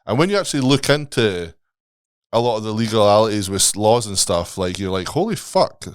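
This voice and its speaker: Low-voiced man, sweary rambler. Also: a little fast, smooth, no room sound, studio quality. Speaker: podcast guest. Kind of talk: casual podcast chat.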